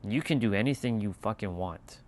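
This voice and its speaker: A man's voice: lowish voice, expressive, moderate pace. A man hosting a casual motivational livestream, talking emphatically with lots of repetition and casual swearing. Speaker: channel host.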